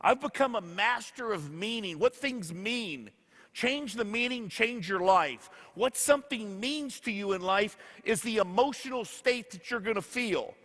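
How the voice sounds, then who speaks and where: Speaking slowly, this man has a high, slightly bright voice with lively intonation. He's a motivational speaker in an echoey hall, recounting stories to his audience and acting out quoted conversations.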